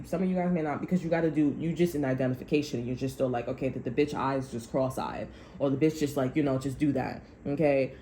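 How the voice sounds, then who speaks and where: A woman with a low, mellow voice rambles heatedly through a casual tarot reading, swearing freely as she goes. Her voice rings in an echoey room with faint noise behind it. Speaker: tarot reader.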